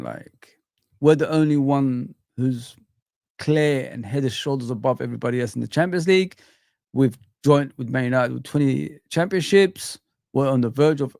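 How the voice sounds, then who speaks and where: A man hosting a fan live stream, chatting casually, repeating himself and shouting out viewers by name. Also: mid-range voice, gravelly, no room sound, clean studio sound. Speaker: fan channel host. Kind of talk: live-stream chat reading comments.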